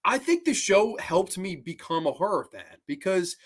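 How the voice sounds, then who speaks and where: This is a man hosting a casual live stream about horror and cartoons. His voice sits somewhat high and leaps around with big, lively pitch swings. He rambles freely and drops plenty of curses along the way. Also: moderate pace, slight background noise. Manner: animated, rambling, swears a lot.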